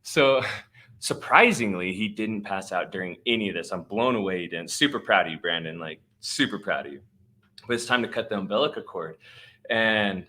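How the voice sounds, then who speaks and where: Slangy podcast host with a low voice. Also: male voice, expressive, normal speed, pushed and bright. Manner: slangy, filler-heavy, laid-back. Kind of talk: casual storytelling.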